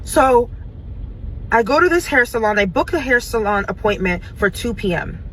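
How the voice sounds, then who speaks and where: A woman's voice: on the high side, animated, normal speed, a bit bright, a little hiss or hum, low-quality recording. A woman sitting in a car, recounting a salon visit step by step in casual storytime.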